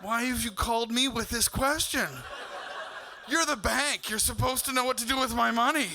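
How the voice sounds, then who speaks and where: Man, stand-up comedian from canada, high bright voice, profane exasperated storytelling, live club stage. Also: normal speed, a little hiss or hum.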